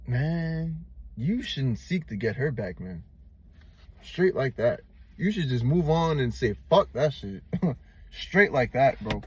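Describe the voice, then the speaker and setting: A man's voice: a little high, breathy edge, lo-fi sound. A man giving blunt, profane, slangy relationship advice to the camera, calling the viewer "man" and "bro". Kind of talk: unscripted advice monologue.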